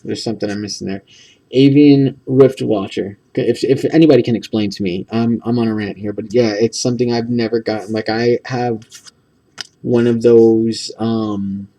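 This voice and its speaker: A man rambles through a stack of trading cards, stopping for ums and second thoughts. His voice is gravelly and dark. The mic sits some distance away. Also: medium pitch, steady tone, normal speed. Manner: rambling, full of ums and self-corrections. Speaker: card-opening video host. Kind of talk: casual card-opening commentary.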